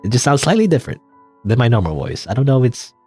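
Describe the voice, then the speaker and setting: A man narrating his own let's play video, rambling and hedging his way through his thoughts with chuckling asides. His pitch sits in the middle but swings about with animated, lively intonation. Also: quick pace, slightly rough, soft background music. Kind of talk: casual game commentary.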